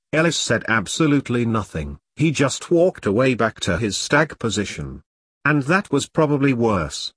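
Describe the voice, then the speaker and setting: Male audiobook narrator, mid-pitched, reads punctuation aloud, dry sound. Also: a bit bright, no echo.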